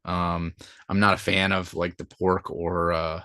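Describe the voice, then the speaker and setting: A man chatting casually as a guest on a stream, speaking in a halting, hesitant, rambling way. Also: sits low, flat delivery, bright, forceful tone, no room sound. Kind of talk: casual chat.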